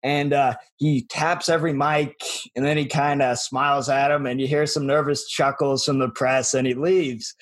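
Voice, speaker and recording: A man's voice: medium pitch, little pitch movement, moderate pace. A young man co-hosting a casual podcast, telling a story with hesitations, restarts and frequent laughter. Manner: hesitant, self-correcting, laughs often. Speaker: podcast co-host. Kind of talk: casual chat.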